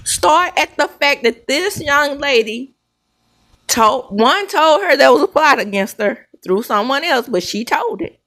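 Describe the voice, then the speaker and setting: A middle-aged woman with a Southern accent, hosting a sassy, animated commentary show with drawn-out emphasis. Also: high voice. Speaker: host. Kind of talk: casual commentary.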